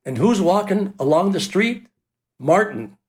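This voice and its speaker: A man's voice: high-pitched, unhurried. A man telling a personal story in a loose, casual way, with lots of fillers, who acts out the people he quotes. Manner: animated, acts out the quoted voices; loose and rambling, with fillers like "you know".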